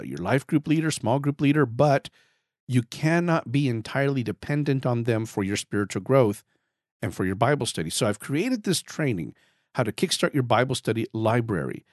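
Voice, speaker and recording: Chatty man host with a raspy throat. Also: mid-range voice, darkish tone, no echo, studio quality. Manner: chatty, repeats words, self-deprecating jokes. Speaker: podcast host. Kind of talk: casual podcast monologue.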